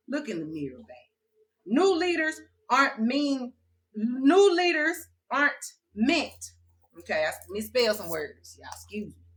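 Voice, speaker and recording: A woman delivers a preachy spiritual vlog monologue with sass and a direct, confrontational bite. Her voice sits somewhat high and sounds bright and forceful. She leans on slang and repeats her key lines for emphasis. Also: rough recording. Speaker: self-described spiritual teacher.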